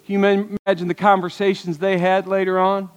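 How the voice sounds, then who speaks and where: High-voiced preacher in an echoing hall. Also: male voice, level tone, a little fast, clear, resonant tone. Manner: earnest, storytelling preacher with rhetorical questions. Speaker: pastor. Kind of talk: sermon. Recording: long hall reverb.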